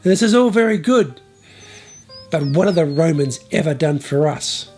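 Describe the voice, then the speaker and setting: A man's voice: fairly high pitch, expressive, normal speed, darkish tone, soft background music, close to an everyday voice. A man voicing Simon, a skeptical disciple who interrupts the others.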